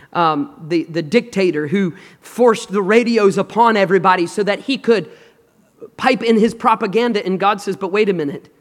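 A male pastor with a strikingly high voice delivers a sermon in a large auditorium. He moves between emphatic declarations and quiet, hushed lines, and invites the congregation to answer him. A long hall reverb trails after each phrase. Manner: emphatic, dramatic swings between loud and hushed, call and response.

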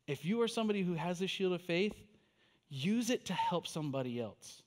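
A pastor with a notably high voice speaks fairly quickly, delivering his sermon like a conversation with his church. He recounts a personal story through animated, quoted back-and-forth, then moves on to encouraging his listeners.

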